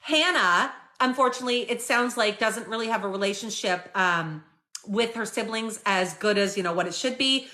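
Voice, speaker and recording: A chatty woman streams live, recapping a story to her viewers with plenty of "like" and "um". Her voice is bright and a touch high, and she speaks casually to the camera. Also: normal speed. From Canada. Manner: chatty, animated retelling with many fillers.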